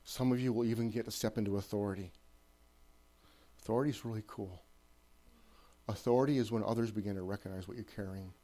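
Mellow-voiced man preaching casually. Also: lowish voice, steady tone, quick pace, long pauses. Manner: conversational, repetitive emphatic phrasing, checks in with listeners. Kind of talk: informal sermon.

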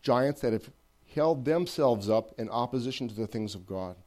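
A man's voice: mid-range voice, expressive, moderate pace, darkish tone. A man preaching an informal sermon in a conversational way, repeating phrases for emphasis and checking in with listeners.

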